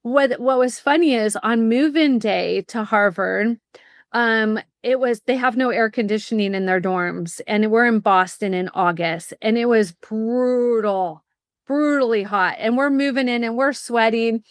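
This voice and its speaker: A middle-aged woman speaking as a podcast guest, telling stories with lively energy and explaining her services in bursts. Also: a little high, no echo, studio quality. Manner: lively storyteller, fast bursts when explaining. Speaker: guest, college admissions consultant. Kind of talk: casual interview chat.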